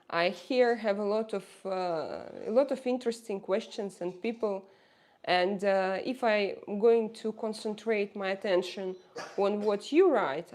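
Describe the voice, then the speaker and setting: A woman's voice: mid-range voice, a little mellow. A woman from Russia speaking English with a Russian accent, hosting a casual livestream at home, hesitant and full of fillers as she greets viewers. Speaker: livestream host.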